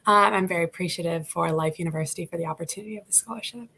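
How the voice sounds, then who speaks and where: A woman's voice: fairly low pitch, very fast, bright, forceful tone, slight background noise. A young woman student introducing herself briefly on a video call. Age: young adult. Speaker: student guest.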